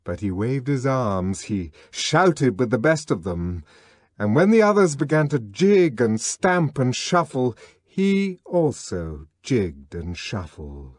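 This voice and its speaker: A man reads a novel aloud as an audiobook narrator. His delivery is unhurried and dramatic, with wide swings of pitch. The recording is dry and close. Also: no echo. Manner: dramatic, lively reading. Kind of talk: scripted narration.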